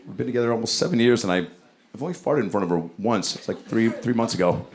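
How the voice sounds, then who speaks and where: Animated, profane stand-up man in his forties. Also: fairly low pitch, background noise. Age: 40s. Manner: rapid-fire, profane, swings between mumbled asides and loud bursts. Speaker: stand-up comedian. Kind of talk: stand-up comedy set. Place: comedy club stage. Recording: loud audience laughter and room ambience.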